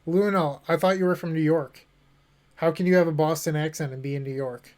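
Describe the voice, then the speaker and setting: A man with a slightly higher voice talks through his card game as he plays. He thinks aloud and jokes with his chat in an easy, casual way. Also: steady tone, a little fast, a little mellow. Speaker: streamer playing a card game. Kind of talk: casual commentary while playing.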